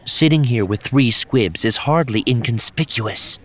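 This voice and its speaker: A man voicing a composed, firm woman leader with measured speech. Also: medium pitch, expressive, voice pushed up.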